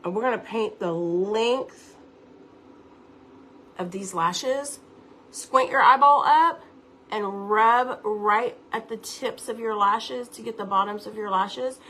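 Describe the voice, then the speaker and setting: A woman's voice: medium pitch, slow, pushed and bright, a little hiss or hum. A woman giving a chatty live makeup tutorial at home, talking viewers through each step. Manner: chatty, instructive, addresses viewers directly. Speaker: makeup seller and beauty teacher.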